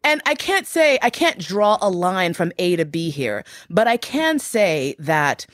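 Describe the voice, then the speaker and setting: A woman telling personal stories as an interview guest, reflective and frank, growing animated as she retells events. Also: on the low side, unhurried, no room sound, studio quality. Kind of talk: candid personal storytelling.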